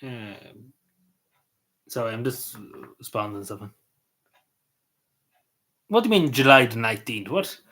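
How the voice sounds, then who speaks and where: Chatting on a live stream, a man with a Cavan Irish accent answers comments in a hesitant, casual way, his phrases tapering off quietly. He sounds animated, with a medium pitch.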